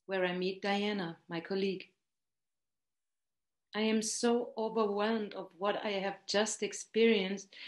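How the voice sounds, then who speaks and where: Slow, heartfelt woman. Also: mid-range voice. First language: German. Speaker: storyteller. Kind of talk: reading a personal story aloud. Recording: roomy echo.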